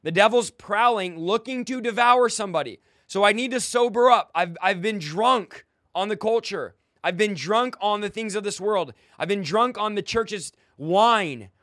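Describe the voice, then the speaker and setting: A man's voice: high voice, normal speed, fairly bright tone, no echo, clean studio sound. A young man preaching a fiery, confrontational sermon, mocking his critics and commanding listeners to fight. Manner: exhorting, commanding.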